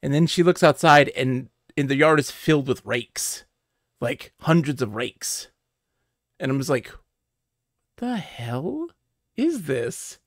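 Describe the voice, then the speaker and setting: A man's voice: medium pitch, a little slow, dry recording, clean studio sound. A man streaming a video game at home, chatting casually in a giggly, rambling way and telling stories with animation. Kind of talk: casual live-stream chat.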